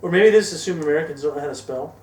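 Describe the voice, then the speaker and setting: A man with a slightly raised voice trades deadpan jokes in a casual chat. He sits away from the mic in an echoey room, with a faint hiss behind him. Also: on the high side, racing. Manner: wry, deadpan quips. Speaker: co-host. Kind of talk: casual banter. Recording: roomy echo, distant mic, faint hiss.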